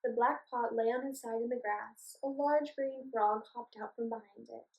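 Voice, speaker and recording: A woman reading a children's storybook aloud in a clear, expressive way. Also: fairly high pitch, normal speed. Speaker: storybook reader. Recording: echoey room, voice from a distance.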